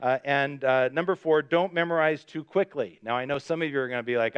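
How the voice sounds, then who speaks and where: Animated smooth-voiced male pastor. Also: on the high side, fairly quick, hardly any pauses. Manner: lively storytelling, voice jumps up when acting out the scene; chatty, with many fillers. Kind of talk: sermon. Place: church service.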